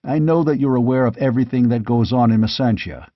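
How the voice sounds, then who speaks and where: A bold barbarian warrior king , voiced by a male narrator, with a blunt, gruff way of talking. His voice sits at a mid pitch, grimly amused. The audiobook recording is dry and a little lo-fi. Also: fast, no echo, natural voice.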